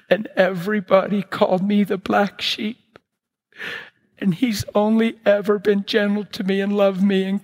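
An older man preaching a sermon, telling family stories in an animated, playful way and acting out relatives' lines. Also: fairly high pitch. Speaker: pastor. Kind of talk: sermon storytelling.

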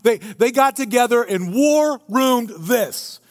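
A male pastor delivers a lively sermon, cracking jokes as he retells the scene. His voice sits high for a man. It echoes with the long reverb of a large church hall. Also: slow. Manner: animated, joking storyteller.

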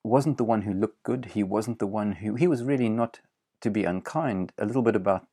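A man preaching a sermon, earnest and emphatic, repeating phrases with pauses and fillers. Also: on the low side, warm tone, husky, no echo, studio quality.

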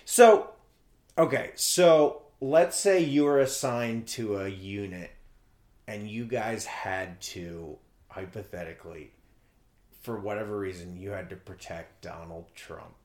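A man's voice: on the low side, slow pace, a little mellow. A man hosting a casual podcast who asks curious questions and prods the guest with hypotheticals. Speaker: podcast host.

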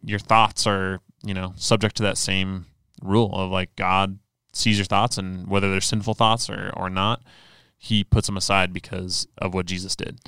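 A man's voice: low-pitched, level tone, normal speed, hardly any pauses, pushed and bright, smooth, dry recording. A man co-hosting a podcast, explaining religious ideas earnestly in casual chat with many fillers. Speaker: podcast co-host. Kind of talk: casual faith discussion.

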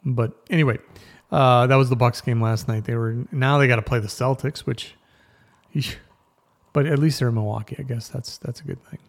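A man's voice: medium pitch, fairly even intonation, moderate pace. A man hosting a rambling, casual news talk show, often stopping and restarting mid-sentence. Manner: rambling, self-interrupting, chatty. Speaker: news podcast host.

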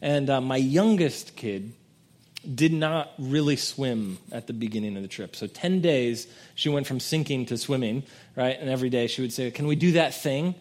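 A man preaching a sermon in a casual, conversational way, swinging between soft reflective passages and loud emphatic peaks. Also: moderate pace. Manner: conversational preaching, dramatic swings in pitch and volume. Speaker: pastor.

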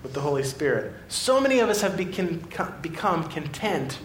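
A man preaches with a fairly high, lively voice that jumps from excited storytelling to quiet, earnest moments. The sermon is recorded in an echoey church room with a faint low rumble underneath. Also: normal speed. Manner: animated storytelling, swings between excited and quiet. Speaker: pastor.

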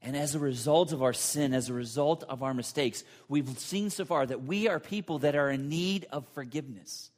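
A man's voice: a little high, normal speed, hardly any pauses, a little mellow. Earnest man preaching a sermon. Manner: storytelling, personal and earnest. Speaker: pastor.

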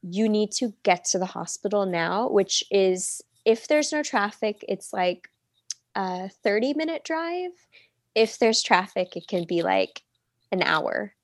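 A woman's voice: mid-range voice, sing-song, unhurried, dry recording. Chatty woman telling her birth story. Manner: chatty, many "like" fillers, acts out quoted speech. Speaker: podcast guest. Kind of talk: casual personal storytelling.

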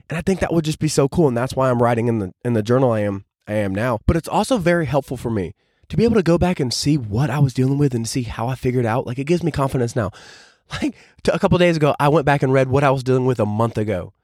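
Fast-talking young man, casual podcast musing. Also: mid-range voice, lively intonation, a little mellow, no room sound, clean studio sound. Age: 20s. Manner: casual, rambling, many filler "like"s. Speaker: podcast host. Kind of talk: reflective solo podcast monologue.

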